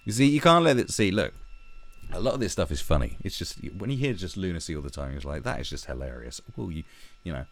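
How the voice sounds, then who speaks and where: A man hosts his own commentary vlog, swearing freely and mocking as he rambles. His voice is deep and rough with fry, pushed out with force, and his pitch swings about with lively expression. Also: fast. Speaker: online commentator.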